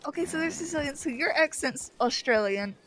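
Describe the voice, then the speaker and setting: A woman rambling excitedly in a live roleplay, stumbling over her words. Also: sits high, fairly quick, rough recording. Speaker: roleplay player. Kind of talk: casual roleplay chat.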